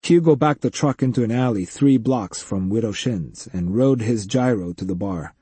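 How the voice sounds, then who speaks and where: A man narrating a science-fiction audiobook with expressive storytelling. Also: fairly low pitch, moderate pace, slightly rough, no echo. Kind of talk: scripted narration.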